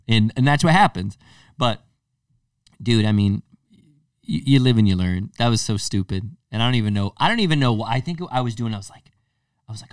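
Animated male podcast storyteller, off-mic. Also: lowish voice, a little fast, clean tone, no echo, clean studio sound, recorded from a distance. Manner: animated storyteller, acts out quotes, many restarts. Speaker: podcast co-host. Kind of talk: casual storytelling chat.

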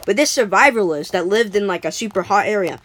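A woman's voice: medium pitch, expressive, quick pace, poor audio. A woman casually making up a story as she goes, rambling with lots of fillers and restarts.

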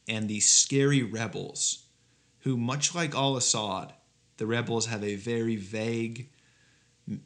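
Sarcastic man joking through a podcast. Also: medium pitch. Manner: sarcastic, mock-outraged, profane. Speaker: podcast co-host. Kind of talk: comedic casual chat.

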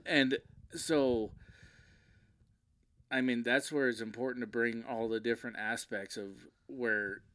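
A man's voice: mid-range voice, fairly even intonation, a little slow, long pauses, a bit bright. A man hosting a podcast, chatting in an easygoing, hesitant way. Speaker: podcast host. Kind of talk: casual chat.

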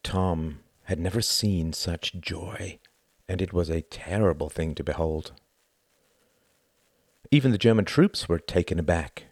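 A man narrating an audiobook in a steady, measured reading style. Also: sits low, breathy edge, no room sound. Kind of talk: scripted narration.

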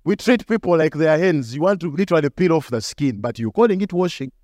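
A young male pastor preaches through a personal story, his high voice leaping up and down as he acts out each line. The sound is dry and close. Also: fast, no echo. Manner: animated, acts out dialogue with shifting pitch. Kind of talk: storytelling sermon.

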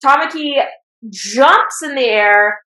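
A woman hosting a casual chat, recapping an anime episode as an excitable fan who gets worked up and laughs as she retells it. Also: high-pitched, slow pace, roomy sound, low-quality recording. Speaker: podcast host recapping an anime.

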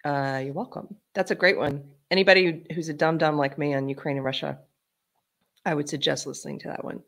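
A woman hosting a casual live stream, chatty and quick to laugh as she reads viewer comments. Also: sits low, steady tone, vocal fry. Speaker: show host.

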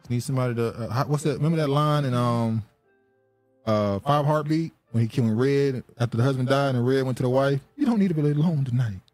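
A man's voice: medium pitch, darkish tone, no echo. A man hosting a podcast in casual chat, rambling through news stories, joking and laughing often. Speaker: podcast host.

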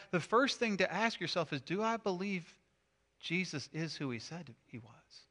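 A middle-aged pastor with a high-pitched voice preaches an animated sermon. He swings between loud emphasis and hushed asides.

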